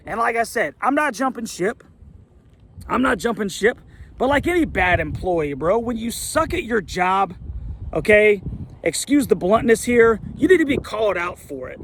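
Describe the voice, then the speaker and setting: Middle-aged male fan commentator, high and gravelly, heated exasperated rant. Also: fairly bright tone. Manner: heated, exasperated, rhetorical questions.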